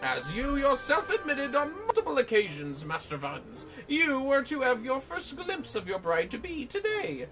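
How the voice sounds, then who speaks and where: A woman voicing a pompous, theatrical gentleman inspector, declaiming in flowery, self-important speeches over a game livestream. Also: high voice, big pitch swings, normal speed, few pauses, over music, pitched above the performer's own voice, low-quality recording. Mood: lecturing. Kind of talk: live voice-over of game dialogue.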